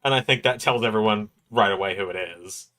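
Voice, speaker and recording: A man's voice: on the low side, fairly quick, sharp tone. A man hosting a wrestling watch-along livestream, chatting casually and explaining at length.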